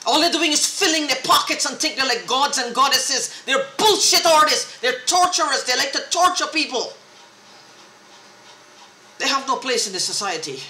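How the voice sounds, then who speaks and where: A woman's voice: sits high, sharp tone, echoey room, a little hiss or hum. A woman in an angry, profane, repetitive rant, talking straight to the camera. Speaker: vlogger. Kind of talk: agitated monologue to camera.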